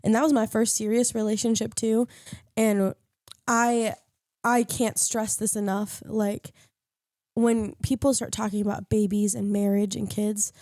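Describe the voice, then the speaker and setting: Young woman podcast panelist, casual and candid, low gravelly edge, dry close sound. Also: flat delivery, measured pace, a little mellow, dry recording. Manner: candid storytelling, acts out quoted lines. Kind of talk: casual chat.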